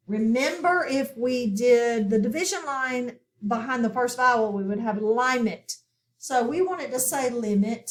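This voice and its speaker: A woman teaching a phonics lesson to children, speaking slowly and clearly with patient classroom instruction. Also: a little high. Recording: echoey room, voice from far off.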